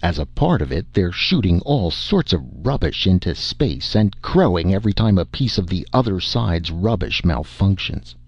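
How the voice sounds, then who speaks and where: A man's voice: low-pitched, very animated, normal speed, few pauses, dry recording, highs cut off, heavily acted. A man voicing a gloomy, exasperated alien base commander who overstates everything. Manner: despairing, exasperated.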